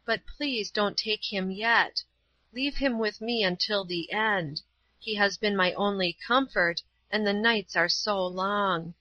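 A woman voicing a frail, dying old woman who speaks weakly and slowly with gratitude. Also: medium pitch, pushed and bright, lo-fi sound. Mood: faint.

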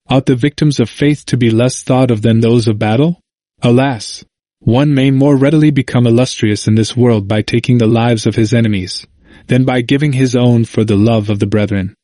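A man narrating an old history in a measured, formal reading. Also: mid-range voice, dark tone, no room sound.

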